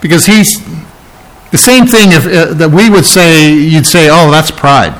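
A man's voice: a little high, unhurried, rough recording. A man preaching an expository sermon, teaching earnestly and repeating phrases for emphasis. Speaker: pastor.

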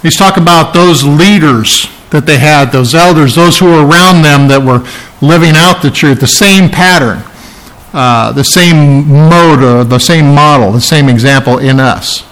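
Guy preaching a sermon, kinda high voice, keeps repeating himself to drive it home. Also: a little slow, a bit bright, low-quality recording. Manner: earnest teaching, repeats phrases for emphasis. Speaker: pastor. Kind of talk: expository sermon.

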